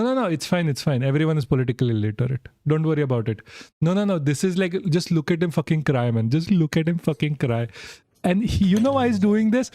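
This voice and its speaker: A young man chats casually on a live stream, cracking up and swearing as he talks to his chat. His voice sits a bit high for a man. It is recorded dry and close, with no room sound. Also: a little mellow, dry recording. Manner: giggly, swearing, laughing through words.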